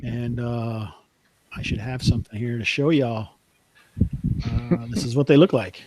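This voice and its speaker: A man running a tabletop game at an ordinary middle pitch, his voice close and dry with no room around it. He describes scenes in a loose, chatty way, full of fillers. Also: fairly even intonation, unhurried, darkish tone, no room sound, rough recording. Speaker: game master.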